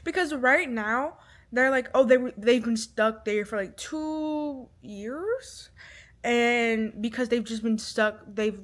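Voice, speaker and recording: Young woman book vlogger, lightly raised pitch, rambling and emotional. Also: slow. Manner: rambling, full of "like" fillers; emotional, swings from irritated to teary. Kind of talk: casual book review chat.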